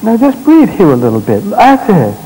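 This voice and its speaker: A man leading a live therapy demonstration on a stage, giving gentle, directive instructions in short commands and explaining to the audience as he works. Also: high voice, huge pitch swings, moderate pace, slight background noise, poor audio. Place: stage at a congress.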